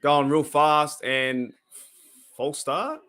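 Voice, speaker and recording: A man with an Australian accent hosting a casual live-stream reaction to a football game, rambling between excitable play-by-play calls. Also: on the high side, very slow.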